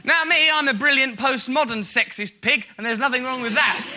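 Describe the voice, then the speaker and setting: A man's voice: very high-pitched, brisk, few pauses, pushed and bright. A man giving mocking, theatrical comic commentary, often laughing through his lines. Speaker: comedy host. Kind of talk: comic commentary on archive clips.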